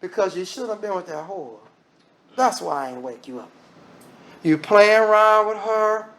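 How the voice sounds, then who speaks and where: A man preaching a lively sermon, firing off rhetorical questions and acting out voices. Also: high voice, normal speed.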